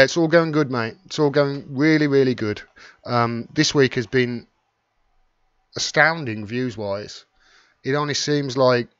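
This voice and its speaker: A man's voice: medium pitch, fairly bright tone, clear, resonant tone, no echo, muffled recording. Middle-aged man with a Wolverhampton accent. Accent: Wolverhampton (Black Country). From West Midlands, England. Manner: rambling, chatty, reads out and thanks commenters by name. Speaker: YouTube live stream host. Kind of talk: casual live stream chat reading viewer comments.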